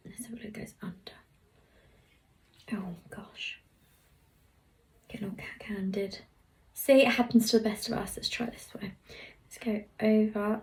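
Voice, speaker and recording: A woman's voice: medium pitch, vocal fry, darkish tone. A young woman giving a casual hair tutorial, chatting as she works and dropping into murmurs now and then. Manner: chatty, talks while working, drops into murmurs. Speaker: hairstylist vlogger.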